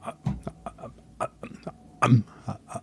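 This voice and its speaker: A man's voice: takes it slowly, slight background noise. An older man, a martial arts teacher telling stories as a guest in a casual interview, often stammering on the first sounds of words.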